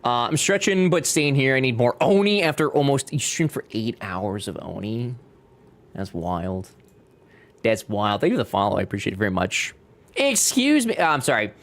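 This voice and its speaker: A man's voice: medium pitch, lively intonation, moderate pace. A young man chatting casually while streaming a game, joking and reading chat aloud. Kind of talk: casual gameplay livestream chat.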